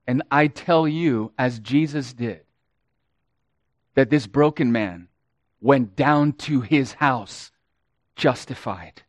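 A man preaching a sermon as pastor, slow and emphatic, rising and falling in volume for emphasis. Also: mid-range voice, no echo.

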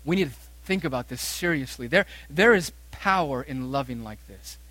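Guy preaching a sermon, kinda high voice, punchy and repetitive, dry close mic. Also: no echo, low-quality recording. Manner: emphatic preaching, rising to loud stresses and slowing on quoted verses; repeats phrases for emphasis. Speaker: pastor.

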